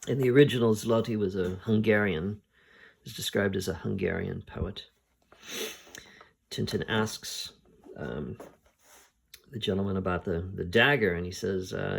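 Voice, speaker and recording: Male host, husky and gravelly, casual halting plot recap. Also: low-pitched, steady tone. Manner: unhurried, halting, thinking aloud. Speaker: podcast host reviewing comics. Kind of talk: casual spoken retelling of a story.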